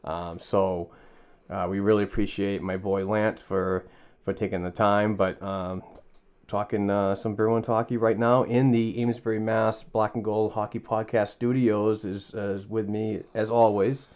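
A man's voice: lowish voice, level tone, measured pace, a little mellow, smooth. A man with a New England accent hosting a casual sports podcast from a home studio, chatty and prone to restarts. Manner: loose and chatty, with repeated restarts. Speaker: podcast host.

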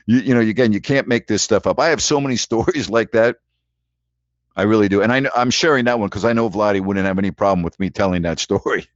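Male call-in host, low and blunt, emphatic repeater, dry dull lo-fi sound. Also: fast talker, dry recording. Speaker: show host. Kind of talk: casual call-in chat and storytelling.

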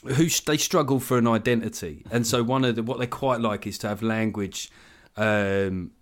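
A man's voice: on the low side, normal speed. A man in his forties, a comedian guest in casual podcast chat, wry and ranting about slang. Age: 40s. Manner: wry, ranting, mimics others in quoted voices.

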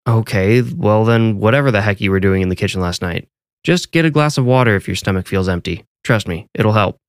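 A man playing a laid-back, gently firm dad. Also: on the low side, fairly quick, no room sound, clean studio sound, lightly acted. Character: easygoing stepfather, gently firm.

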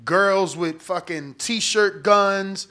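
A man's voice: high-pitched, drawn-out words, sharp tone. A man co-hosting a casual interview podcast, talking loosely and swearing freely. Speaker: podcast co-host. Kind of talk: casual chat.

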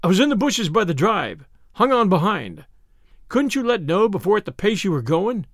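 A man acts out a plucky young Englishman in a storybook reading, practical and brisk. The voice is high and lively. It sounds close and dry. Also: no room sound, exaggerated voice.

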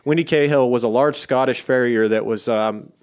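A man's voice: mid-range voice, normal speed, clear, resonant tone. A man hosting a casual history podcast, telling the story in a rambling, profane way with frequent fillers. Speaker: podcast host.

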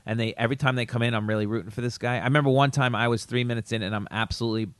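A male comedian trades stories on a podcast, his voice smooth and resonant. The recording is dry and close. He livens his tales by acting out other people's lines in a higher voice. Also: rapid-fire, dry recording. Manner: animated storyteller who acts out quotes in a raised pitch. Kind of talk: casual chat, storytelling.

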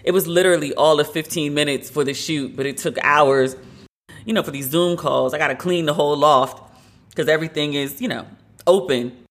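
A woman's voice: low-pitched, a little fast. A woman hosting a casual solo podcast from her home loft, chatty and gushing, with a lot of filler "like". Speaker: podcast host.

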